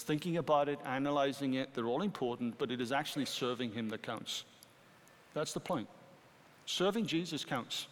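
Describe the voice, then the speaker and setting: A middle-aged British man preaching a sermon as pastor, animated and rising to emphatic peaks. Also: on the high side. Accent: British English. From Britain. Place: church sanctuary. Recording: long hall reverb.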